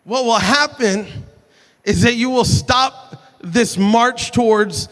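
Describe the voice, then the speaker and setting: A male pastor delivers an impassioned sermon, hammering points home through repetition and quick restarts. His voice sits high for a man and rings out with long reverb through a large church hall. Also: a bit bright. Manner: impassioned, repeats phrases for emphasis, frequent restarts.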